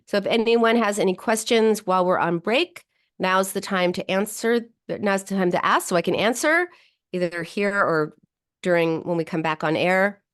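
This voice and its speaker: A woman psychologist hosting a radio talk show and chatting with a livestream audience. She talks loosely, with restarts and fillers, and leaps up in pitch when she acts out people's inner thoughts. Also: normal speed. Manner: animated, jumps higher when voicing inner thoughts.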